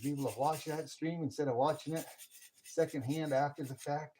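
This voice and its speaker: Excitable man live-streaming his workshop. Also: a little high, brisk, slight background noise. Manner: excitable, whoops and laughs often. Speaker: live streamer casting metal. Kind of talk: casual live stream chat.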